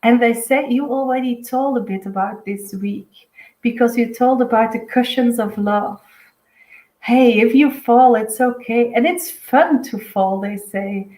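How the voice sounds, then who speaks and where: A woman with a Dutch accent, a native Dutch speaker, giving a live spiritual reading in a dreamy, halting way with many fillers. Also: fairly high pitch, a little mellow, reverberant, low-quality recording. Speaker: intuitive medium giving a weekly reading. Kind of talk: live-streamed spiritual reading, casual chat.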